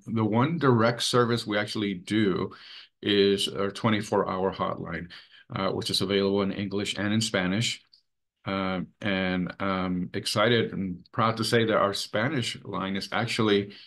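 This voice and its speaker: A man presenting a training webinar in an earnest, measured way, with many fillers. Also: fairly low pitch, fairly bright tone. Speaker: webinar presenter for a sexual assault coalition.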